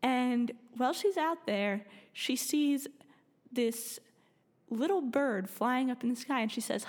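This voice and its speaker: Playful woman co-host improvising a tale, raised pitch, reverberant room. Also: slow pace. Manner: playful, giggly. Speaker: co-host, storyteller. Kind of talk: improvised storytelling.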